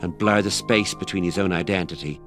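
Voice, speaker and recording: A man narrates a documentary in a fairly low voice with a measured, even delivery. Soft music plays faintly behind him. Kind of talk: scripted narration.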